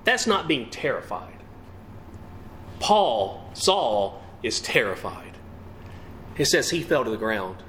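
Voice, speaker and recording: Animated male preacher with a lively voice. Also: medium pitch, takes it slowly, long pauses, slight background noise. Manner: asks the congregation questions, emphatic rising and falling delivery. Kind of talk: sermon.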